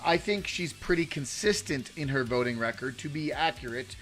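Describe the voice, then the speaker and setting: A man's voice: fairly high pitch, expressive, moderate pace, few pauses, a bit bright, faint music behind. A man hosting a casual political live stream, rambling and chatting with viewers in the chat. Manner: rambling, lots of fillers and restarts, chatty with viewers. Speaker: political livestream host.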